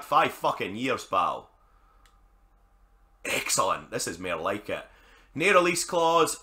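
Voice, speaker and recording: A young Scottish man talks through a football management game in a loose, chatty way, peppered with curses and blunt asides. His voice sits low but has a bright, forceful edge. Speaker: gaming YouTuber. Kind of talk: casual gameplay commentary.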